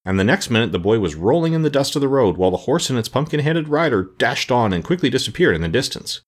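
A man reading a children's fantasy story aloud as an audiobook narrator, with expressive storytelling. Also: mid-range voice, fast talker.

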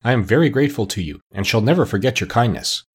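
A man voicing a gentle, grateful male tin woodman in an audiobook, speaking politely and earnestly. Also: mid-range voice, lively intonation, fast, slightly rough. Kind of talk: audiobook character reading.

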